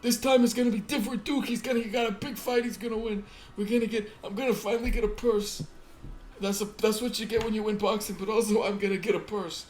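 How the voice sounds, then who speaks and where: A man's voice: sits high, fairly even intonation, quick pace, darkish tone, soft background music, voice pushed up, natural voice. A man voicing a hapless, sweaty, apologetic petty crook on parole, in a put-on accent, rambling and sheepish. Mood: earnestly promising. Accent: put-on character accent. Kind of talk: improvised tabletop character voice.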